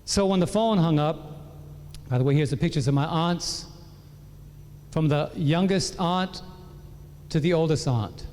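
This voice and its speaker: Unhurried and pausing often, a pastor with a slightly high voice shares a personal testimony like a sermon in a big hall. His slightly raised voice echoes long as he animatedly acts out the words of relatives in the story.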